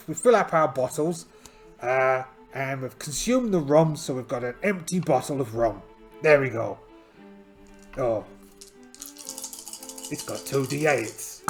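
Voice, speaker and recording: A man playing a solo tabletop game in a hammy pirate voice, chatty and joking at himself. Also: mid-range voice. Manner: chatty, self-mocking, hammy pirate talk. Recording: light music underneath.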